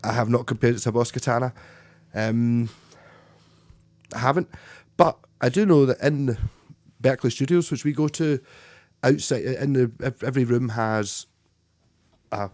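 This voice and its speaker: A man's voice: mid-range voice, normal speed, long pauses, darkish tone, no room sound. A man chatting casually with viewers as a livestream host, rambling and restarting his sentences often. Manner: rambling, stop-start, chatty with frequent restarts. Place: home room, playing guitar.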